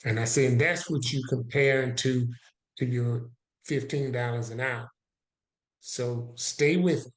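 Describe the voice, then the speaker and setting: Male podcast guest, storyteller who plays out both sides of each exchange, mid pitch, echoey room. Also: fairly even intonation, measured pace.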